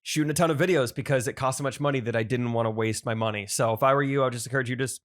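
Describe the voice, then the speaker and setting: A man in his thirties with a mid-range voice co-hosts a casual podcast. He talks fast and encouragingly and laughs easily along with his partner. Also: mid-range voice, steady tone. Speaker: podcast co-host. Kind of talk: casual chat, giving advice.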